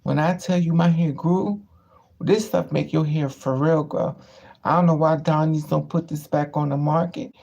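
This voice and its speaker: A woman's voice: deep voice, steady tone, moderate pace, creaky, dark tone, muffled recording. A woman chatting casually on a live stream from her car, telling stories and quoting people in raised voices. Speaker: vlogger.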